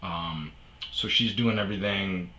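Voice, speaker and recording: A middle-aged man, host of a storytelling show, telling a personal story in a rambling, casual way, with many restarts and fillers. He acts out other people loudly when quoting them, then drops low and quiet. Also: measured pace, slight background noise. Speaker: podcast host.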